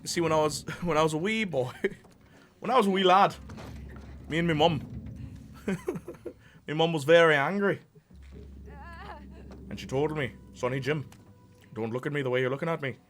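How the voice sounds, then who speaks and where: A man's voice: a little high, moderate pace, pauses often, a bit bright, pitched above the performer's own voice, lightly acted. Man doing a Scottish-accented cackling villain. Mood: menacing. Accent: put-on Scottish. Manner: rambling menace broken by laughter.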